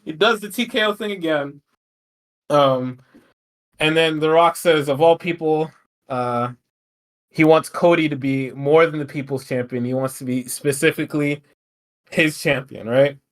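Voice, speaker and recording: A man's voice: a little high, unhurried. A man co-hosting a podcast, recapping wrestling in a casual, profane, rambling way with frequent laughs. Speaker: podcast co-host.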